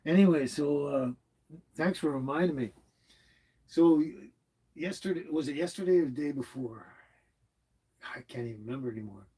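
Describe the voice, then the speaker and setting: A man's voice: a little high, moderate pace, long pauses, slightly rough, rough recording. A man hosting a casual live stream, rambling and chuckling as he answers his chat from inside his motorhome. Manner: rambling, chuckling, warmly chatty. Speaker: livestream host reading chat.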